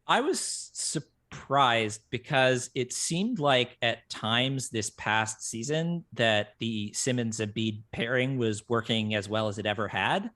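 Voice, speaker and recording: A man's voice: medium pitch, expressive, slow, few pauses, bright, forceful tone. A man as a guest on a casual basketball podcast, reasoning through his points with many fillers and small chuckles. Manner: analytical, filler-heavy, chuckling.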